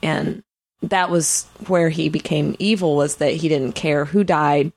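Female podcast co-host, deep gravelly voice, dry close sound, halting casual delivery. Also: fairly even intonation, darkish tone, no echo. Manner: hesitant, full of "you know" fillers. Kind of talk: casual chat.

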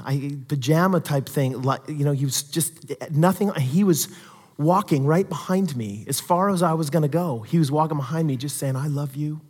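High-voiced preacher in a reverberant hall. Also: male voice, normal speed, husky. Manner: animated preaching, rising to loud emphatic peaks then dropping to quiet asides. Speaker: pastor. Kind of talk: sermon.

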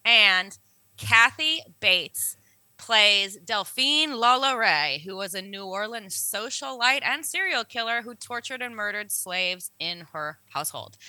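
A woman co-hosting a casual podcast, talking with eager, lively enthusiasm. Her voice is very bright and sharp, recorded close and dry with no room sound. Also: medium pitch, no room sound, poor audio. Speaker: podcast co-host. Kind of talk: casual chat. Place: New Orleans.

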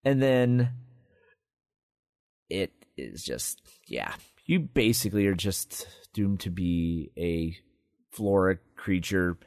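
A man's voice: low-pitched, takes it slowly, no echo, clean studio sound. A man co-hosting a casual chat about a tabletop monster, explaining its rules and stats. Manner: explanatory, lively, reading out game stats. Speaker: co-host of a tabletop game podcast.

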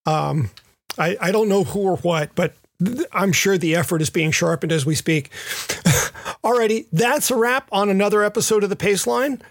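A man's voice: high-pitched, moderate pace, no echo, clean studio sound. A man co-hosting a cycling podcast, giving a gear pick in casual chat with many ums and a self-deprecating manner. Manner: hesitant, self-deprecating, product pick delivery. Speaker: podcast co-host.

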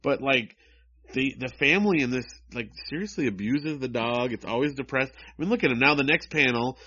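A man's voice: medium pitch, fairly quick, bright, forceful tone. A man co-hosting a casual chat, reading comic strips aloud in a wry, mocking way. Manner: wry, mocking, reads dialogue in raised voices. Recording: dull lo-fi sound.

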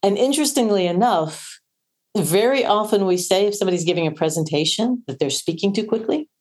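A woman's voice: medium pitch, expressive, a little fast, darkish tone. A woman voice coach on a podcast, explaining and demonstrating how breathing shapes the voice. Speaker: voice coach guest. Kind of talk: podcast interview.

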